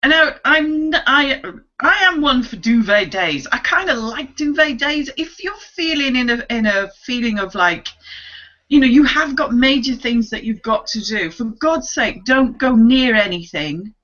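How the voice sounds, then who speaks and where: A woman, co-hosting a casual online chat, animated and laughing often as she acts out voices. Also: on the high side, a little slow, highs cut off. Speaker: co-host.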